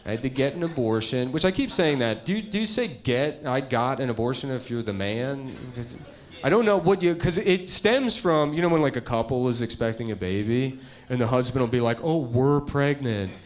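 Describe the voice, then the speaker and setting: A middle-aged man doing stand-up, rambling in a deadpan way and trailing off into mumbles. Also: mid-range voice, a little fast, few pauses. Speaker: comedian. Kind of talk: stand-up comedy bit.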